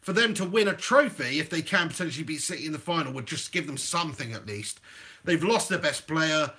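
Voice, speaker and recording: Young male co-host, bright and animated, banter-heavy. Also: on the high side, brisk. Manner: teasing, laughing, mock-serious. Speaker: podcast co-host. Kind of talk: casual football banter.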